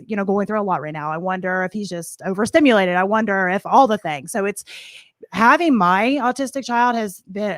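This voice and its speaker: A woman hosting a podcast, talking in a relaxed, thoughtful way and leaning on little fillers. Her voice sits at a middling pitch and sounds dry and close, with no room echo. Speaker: podcast host. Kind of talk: casual interview chat.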